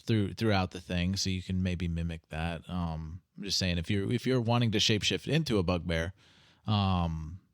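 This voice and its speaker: A man's voice: sits low, normal speed, no room sound. Man, game master, easygoing, filler-heavy, dry recording. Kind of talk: running a tabletop game.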